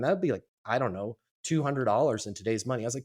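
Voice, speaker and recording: A man of fifty, a guest on a podcast, telling his life story in a casual, animated way and acting out the voices of the people in it. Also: mid-range voice, very fast, hardly any pauses. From Colorado, US. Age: 50s. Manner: animated storyteller, acts out quoted voices, repeats words.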